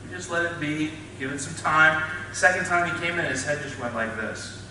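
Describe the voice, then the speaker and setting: Animated man telling stories in an echoey hall. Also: on the high side, moderate pace, far from the mic. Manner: animated storyteller, acts out scenes, laughs often. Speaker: chiropractor giving a talk. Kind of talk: storytelling talk to an audience. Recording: echoey hall, speaker off mic, faint noise.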